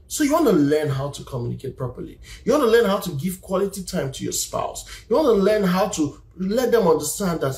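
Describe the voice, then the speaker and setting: Counselor, preachy and repetitive, mid pitch, roomy echo. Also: a little mellow. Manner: emphatic and preachy, repeats points, checks in with "do you understand". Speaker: relationship counselor. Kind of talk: live-stream advice talk.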